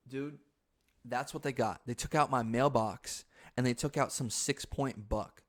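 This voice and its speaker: A young man hosting a podcast, telling stories in a loose, profane, casual way with sudden loud outbursts. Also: mid-range voice, a little slow. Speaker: podcast host. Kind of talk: casual storytelling monologue.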